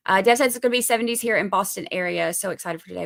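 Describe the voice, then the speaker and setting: A woman's voice: medium pitch, steady tone, fast, creaky, hardly any pauses, fairly bright tone. A woman with a Southern accent from Georgia, hosting a trial livestream in a chatty, upbeat way, reading viewer comments and explaining court steps plainly. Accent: Southern American (Georgia). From Georgia, USA. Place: indoors, away at the beach this week.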